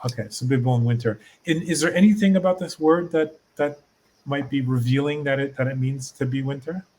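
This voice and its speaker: A man's voice: mid-range voice, brisk, darkish tone, a little hiss or hum. A man hosting a podcast as a learner, asking eager, curious questions and restarting his sentences as he thinks. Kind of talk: casual podcast chat.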